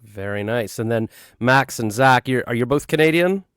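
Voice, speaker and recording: A man hosts a casual interview, playful and teasing. His voice sits at a middle pitch. The sound is dry and close, with no room around it. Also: lively intonation, normal speed, fairly bright tone, clean tone, no echo. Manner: jokey, playful, teasing the guests. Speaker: interviewer host.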